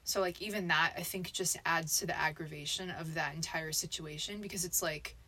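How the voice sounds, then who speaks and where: A young woman in relaxed podcast conversation, earnest and quick to agree, often starting her sentences over. Her voice sits somewhat low for a woman. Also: breathy edge. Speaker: podcast co-host. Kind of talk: casual chat.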